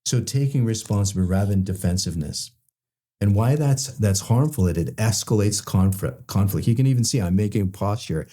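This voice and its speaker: A man's voice: fairly low pitch, brisk, warm tone. A man speaking as a psychologist, explaining relationship habits in a conversational way, with many "you know" fillers and acted-out examples.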